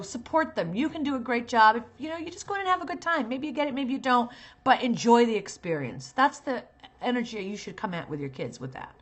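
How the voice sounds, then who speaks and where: A middle-aged woman, a talent manager, giving earnest and emphatic advice to parents, turning sharp and scolding at times. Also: a little high.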